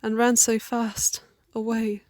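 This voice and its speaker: A woman interpreting a spiritual lecture, speaking in halting short phrases and often correcting herself mid-word. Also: fairly high pitch, level tone, a little mellow.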